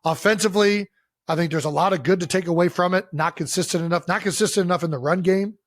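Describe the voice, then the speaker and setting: A man's voice: high-pitched, fast, no echo, clean studio sound. A man co-hosting a podcast in casual sports chat, giving long emphatic explanations and swearing often. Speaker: podcast co-host.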